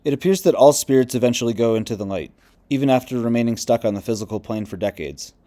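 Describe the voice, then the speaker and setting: A man reading a nonfiction book aloud in a measured, even narration. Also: mid-range voice. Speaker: audiobook reader.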